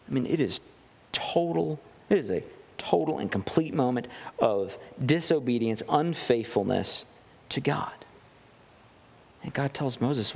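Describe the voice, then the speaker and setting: Preaching man in a reverberant hall. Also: unhurried. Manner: preaching with animated swings in pitch, reads scripture aloud. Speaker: pastor. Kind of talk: sermon.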